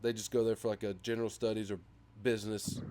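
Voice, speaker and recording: A man's voice: fairly low pitch, fast talker. A young man co-hosting a podcast, chatting casually and rambling with lots of fillers. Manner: rambling, filler-heavy, animated when retelling memes. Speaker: podcast co-host. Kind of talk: casual chat.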